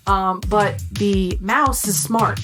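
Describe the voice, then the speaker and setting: Woman, casual podcast chat, lively retelling, swears a lot, faint music behind. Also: medium pitch, slow pace. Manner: lively storyteller, swears freely, acts out quotes. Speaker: podcast co-host. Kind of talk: casual chat recapping a film.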